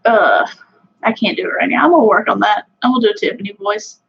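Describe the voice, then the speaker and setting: Talking fast in a mid-range voice that's creaky and slightly rough, this fishing channel host with a Southern US country accent rambles casually with her livestream viewers, leaning on plenty of fillers. The sound is dull.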